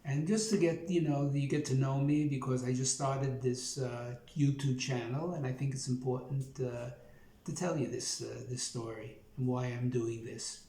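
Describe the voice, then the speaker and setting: An older man in his seventies with a Brooklyn accent tells his story in a rambling, folksy way, with plenty of "uh" and "you know". His voice is mellow and warm at an average pitch. A roomy echo surrounds him. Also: fairly even intonation, normal speed. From Brooklyn, New York. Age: 70s. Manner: rambling, folksy, with many fillers. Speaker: YouTube host. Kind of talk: personal storytelling.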